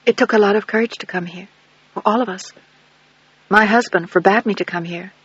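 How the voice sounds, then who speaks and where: A man voicing a gentle grown woman who pleads with her sister in a quiet, earnest way. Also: high voice, fairly quick, breathy edge, no room sound. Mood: pleading. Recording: dull lo-fi dry recording.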